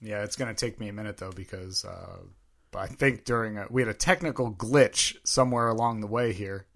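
A man's voice: lowish voice, a little fast, gravelly, a bit bright. A man co-hosting a podcast and running the soundboard, teasing and playful in casual chat.

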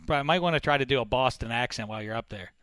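A man's voice: mid-range voice, racing, fairly bright tone, smooth, dry recording, clean studio sound. Joking male sports podcast host. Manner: joking, rambling, hesitant fillers. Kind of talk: casual sports talk.

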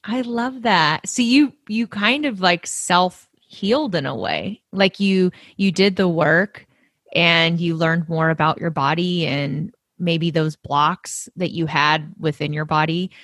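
A woman's voice: on the low side, slow pace, a bit bright, no room sound, clean studio sound. A woman hosting a podcast interview, encouraging her guest and stopping to check that she understood. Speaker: podcast host. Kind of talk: casual interview talk.

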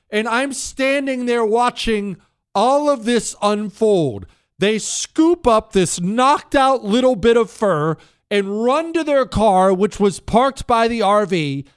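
A man's voice: extremely high pitch, smooth, no echo, studio quality. A man hosting a talk radio show, telling a story with dramatic flair and sound effects, then answering listener questions.

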